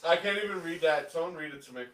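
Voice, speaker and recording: A man chiming in on a casual podcast chat with quick wisecracks. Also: on the high side, over a noisy crowd. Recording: far from mic in an echoey room with loud noise.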